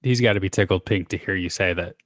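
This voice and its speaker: A man's voice: low-pitched, quick pace, a bit bright, dry recording, clean studio sound. A man co-hosting a podcast, telling candid personal stories in casual conversation. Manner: candid, storytelling. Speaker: podcast co-host.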